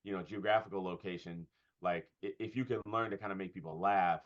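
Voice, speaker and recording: A man with a lowish voice talks through ideas in a relaxed interview, circling back with frequent fillers and restarts. The recording sounds dull and lo-fi. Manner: thoughtful, halting with fillers and restarts. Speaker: pastor and comedian. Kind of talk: conversational interview.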